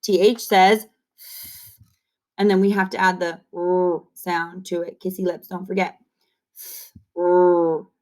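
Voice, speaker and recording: A woman teaching kindergarten phonics on video, drilling sounds slowly and cheering the children on. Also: fairly low pitch. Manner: slow, encouraging call-and-repeat drilling. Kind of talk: online phonics lesson. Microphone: camera facing the speaker.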